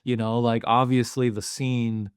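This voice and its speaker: Male podcast co-host, mid pitch, earnest rambling style, dry close mic. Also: flat delivery, a little slow, smooth, dry recording. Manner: earnest, thinks aloud with many fillers. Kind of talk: casual movie discussion.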